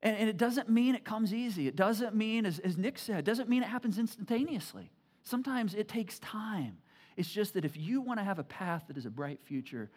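A pastor preaching a sermon, telling family stories with animated, repetitive emphasis. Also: male voice, high voice, brisk, slightly rough.

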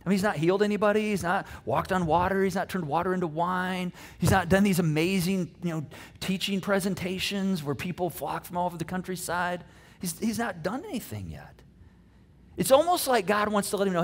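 High-voiced, conversational male preacher. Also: fairly quick. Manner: conversational, animated, storytelling with many fillers. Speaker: pastor. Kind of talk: casual sermon.

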